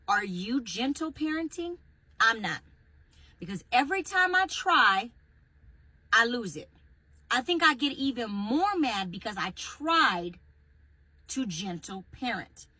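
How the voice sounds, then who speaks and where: A woman's voice: medium pitch, pushed and bright, dry recording, low-quality recording. A mother ranting frankly on a vlog, sounding exasperated. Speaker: parent. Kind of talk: candid vlog rant.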